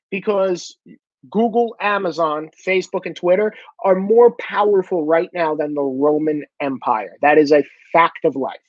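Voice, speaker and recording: A man's voice: high-pitched, a little mellow. A blunt man rants straight to the camera and swears freely as he goes. He keeps breaking into mocking impressions of other people. His voice sounds dull and muffled, with a dry, close sound and no room echo. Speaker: vlogger. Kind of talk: casual profane monologue.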